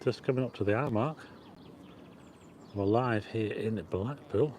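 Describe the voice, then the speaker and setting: Strolling a city park during a live walking vlog, a man talks loosely to his audience, saying hello to viewers and reading chat aloud. He speaks in a lowish, slightly mellow voice without hurrying, through a plug-in mic on a stabilized phone, with slight background noise.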